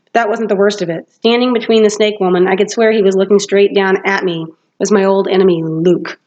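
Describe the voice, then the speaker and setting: A woman's voice: mid-range voice, steady tone, fairly quick, a little mellow, lo-fi sound. A woman teacher reading a novel aloud to her class, steadily and with occasional self-corrections. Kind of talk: storybook read-aloud narration.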